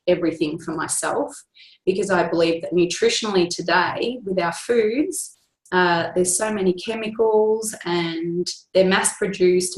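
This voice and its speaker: Low-voiced woman in an echoey room. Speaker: guest sharing a family story. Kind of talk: online group call testimonial.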